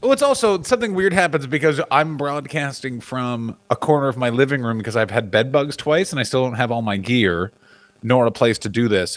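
A Canadian man riffs in a crude, rambling, joking way on a comedy podcast. He speaks at an average pitch. The sound is dry and close, recorded in a corner of his living room. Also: no room sound. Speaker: podcast co-host. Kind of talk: casual comedic chat.

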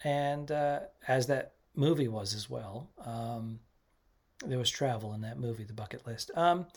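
Male comedian co-host, casual halting delivery with fillers, mid pitch. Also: husky. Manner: halting, many fillers and restarts. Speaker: stand-up comedian, podcast co-host. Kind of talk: casual chat.

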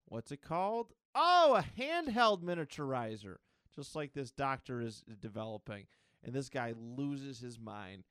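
A man co-hosting a podcast, recapping a comic book in a rambling, excited casual chat. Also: medium pitch, unhurried, clean tone, dry recording. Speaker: podcast co-host.

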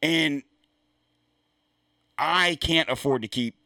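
A hoarse, middle-aged man rants at full fury, swearing through nearly every sentence. His voice is strikingly bright and cutting, pitched a little high for a man. It is recorded close and dry, with no room sound. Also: takes it slowly, no room sound. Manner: profane, furious ranting. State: hoarse, lost voice. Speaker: podcast host. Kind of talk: angry ranting monologue.

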